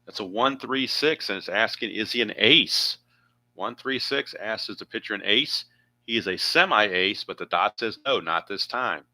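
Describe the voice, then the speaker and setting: A man's voice: lowish voice, animated, moderate pace, sharp tone, slight background noise. A man narrating his own tabletop baseball game play by play, chatty and thinking aloud with asides.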